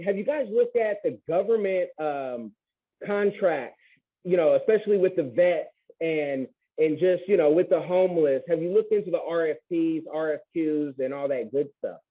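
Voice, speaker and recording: This man hosts a podcast interview in a loose, joking way and throws folksy asides to the audience. His voice sits on the higher side for a man. It comes through a narrow, telephone-like line. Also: normal speed. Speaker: podcast host. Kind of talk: casual interview chat. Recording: tinny phone-like line.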